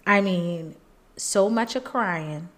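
A woman podcast host telling a personal story in an earnest, faith-filled way, animated and emotional, jumping up in pitch when she quotes people. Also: takes it slowly. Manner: emotional, animated retelling, jumps high when quoting people.

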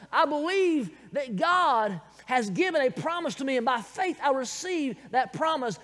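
A man with a Southern American accent preaches in a strikingly high voice, calling "Amen?" out to his congregation. His words ring out with a long reverb, as in a big church hall. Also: fairly bright tone. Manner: calls out "Amen?" to the congregation, chuckles between points. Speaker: pastor. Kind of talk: sermon.

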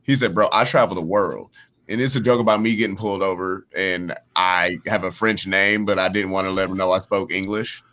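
A man's voice: low-pitched, fairly even intonation, fairly quick, bright, forceful tone. A man, a guest comedian, telling a story in casual podcast chat and acting out the dialogue.

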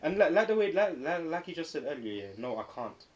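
A young man in casual banter, animated and slangy, often slipping into quoted voices. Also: a little high. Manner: quick and animated, slangy, breaks into put-on quotes. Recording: slightly dull recording with faint hiss.

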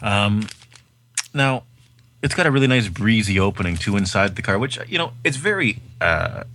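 A man with a very deep voice co-hosting a relaxed film podcast. He talks in a laid-back, easygoing way, tossing in casual asides as he goes. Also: moderate pace. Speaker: podcast co-host.

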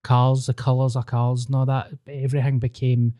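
Swearing his way through personal anecdotes, a man with a Scottish accent talks in a relaxed, storytelling way. He speaks at a moderate pace in a mellow mid-range voice with a completely flat delivery.

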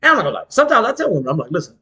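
A man chatting casually as a podcast co-host, telling animated, slangy, profane stories. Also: very fast. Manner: animated storytelling, swings pitch wide, slangy and profane. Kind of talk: casual chat.

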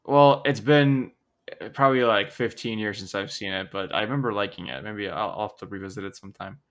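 A man co-hosting a casual podcast, guessing movie quotes in a relaxed way. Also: on the low side, fairly quick. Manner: laid-back, laughs often, swears casually. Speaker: podcast co-host.

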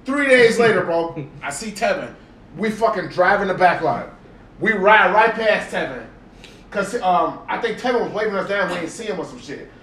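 A young man, telling a story to friends in a casual, animated way, swearing and repeating himself for emphasis. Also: sits high, moderate pace, distant mic. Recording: echoey room, from off the mic, faint noise.

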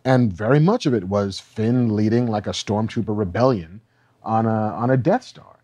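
A man co-hosting a podcast, talking through entertainment news in a relaxed, conversational way. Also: fairly low pitch, moderate pace, no echo. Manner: relaxed, conversational, fond of reading quotes aloud. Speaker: podcast co-host. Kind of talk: casual entertainment news chat.

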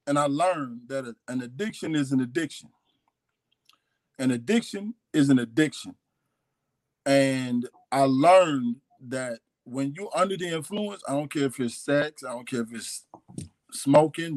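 A man with a slightly high voice, recorded without echo, shares his life story as a guest. His candid, confessional testimony is hesitant, and he often repeats lines and starts over.

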